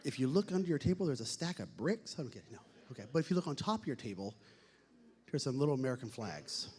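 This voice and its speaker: A man emceeing a banquet, joking with the audience and shouting playful announcer calls. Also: mid-range voice, sing-song, quick pace. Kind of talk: hyping up a live audience. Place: large banquet hall. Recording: echoey hall.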